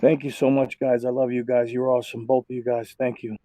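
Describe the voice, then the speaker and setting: A man, a race car driver, giving rambling, heartfelt thanks and shout-outs with lots of fillers on a racing broadcast. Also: mid-range voice, flat delivery, fairly quick, a little hiss or hum, poor audio.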